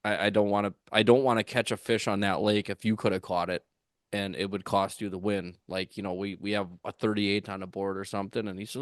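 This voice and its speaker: A man telling a rambling fishing-tournament story on a podcast, with lots of fillers and restarts, getting animated when he acts out what others said. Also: lowish voice, quick pace, no echo, studio quality. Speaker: tournament angler guest.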